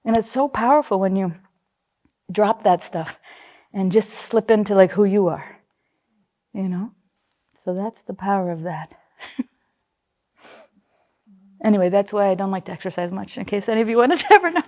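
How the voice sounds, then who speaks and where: A woman's voice: medium pitch, normal speed, pauses often, darkish tone. A middle-aged woman teaching psychology in a casual way, telling personal stories, acting out the voices she quotes and laughing often.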